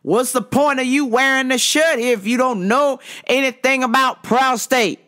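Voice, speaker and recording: A woman voicing a pushy, aggressive older male customer with a cane who talks loud and demanding. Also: high-pitched, drawn-out words, voice pushed up. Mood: indignant. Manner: loud, demanding, repeating himself.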